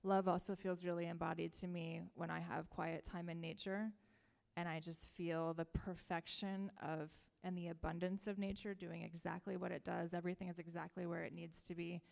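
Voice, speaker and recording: A woman's voice: lowish voice, flat delivery, normal speed, gravelly, a little mellow. A woman sharing reflections in a circle, speaking in a searching, reflective way. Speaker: circle participant. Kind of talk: personal sharing.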